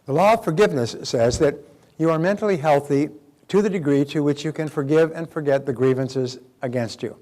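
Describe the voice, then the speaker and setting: A man's voice: fairly high pitch, fairly quick, darkish tone. A middle-aged man giving a motivational seminar talk, emphatic and acting out quoted dialogue as he teaches. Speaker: self-development speaker.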